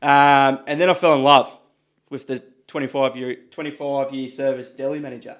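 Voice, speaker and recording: An Australian man telling stories in a casual podcast chat, animated and swearing freely. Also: medium pitch, normal speed. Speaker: podcast guest, butcher. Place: podcast studio.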